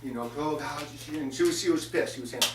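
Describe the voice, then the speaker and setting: A man hosting a comedy show, telling a meandering story full of filler pauses and sarcastic asides. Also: medium pitch, noisy background. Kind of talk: rambling comic monologue. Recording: echoey room, voice from a distance.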